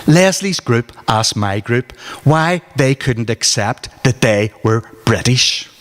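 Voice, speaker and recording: A man's voice: fairly low pitch, expressive, moderate pace. A man with a Northern Irish accent reading aloud from his memoir at a book launch, in a dry, wry storytelling manner. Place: arts centre hall at a book launch. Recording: reverberant hall.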